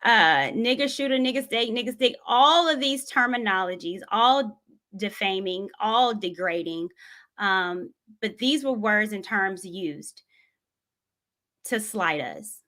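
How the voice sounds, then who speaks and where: A woman, speaking to her viewers in an earnest, reflective way. She tells a personal story at an unhurried pace. Her voice sits in a mid range. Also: mid-range voice, lively intonation, sharp tone. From Tennessee, USA. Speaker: vlogger.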